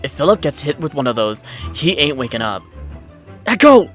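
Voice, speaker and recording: A man hosting a let's play, reading the story aloud and reacting with excitable, swearing commentary. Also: medium pitch, fairly quick, faint music behind. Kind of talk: game commentary with read-aloud narration.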